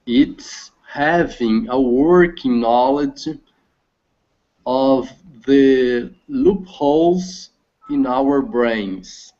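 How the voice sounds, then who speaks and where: Slow, halting man reading aloud. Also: mid-range voice, mellow. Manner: halting, restarts words, careful slow reading. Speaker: language student. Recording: dull lo-fi call audio.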